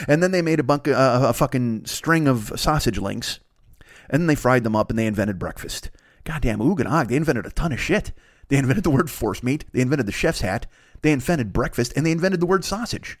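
A man's voice: fast, dry recording, clean studio sound. A man hosting a comedy podcast, rambling through a profane comic riff and jumping into character voices. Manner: rambling, heavy swearing, acts out characters with jumps in pitch. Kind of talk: profane comic riffing monologue.

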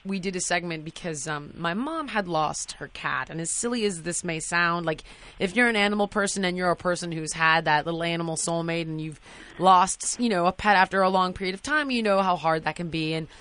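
A woman in her thirties hosting a call-in advice show, talking gently and soothingly to a caller she calls sweetie. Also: on the low side, fairly quick. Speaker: host.

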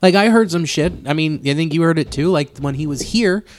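A man co-hosting a casual sports chat, excitable and swearing, peppering his talk with "like.". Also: on the high side, brisk, slight background noise. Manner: excitable, swearing, says "like" a lot. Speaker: podcast co-host.

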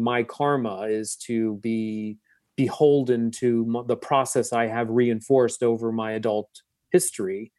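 A man in conversation tells a personal story in a thoughtful, halting way, often restarting his sentences. His voice sits at a middle pitch and sounds close and dry, with no room around it. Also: a little mellow, no room sound. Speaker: author and guest.

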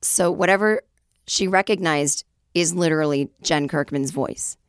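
A chatty woman in her forties tells a story on her podcast, acting out the people she quotes. Her voice sits low and is slightly raspy, recorded close and dry with no room sound. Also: normal speed, no echo. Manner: chatty, self-deprecating, acts out quoted voices. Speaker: podcast host. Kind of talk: casual storytelling monologue.

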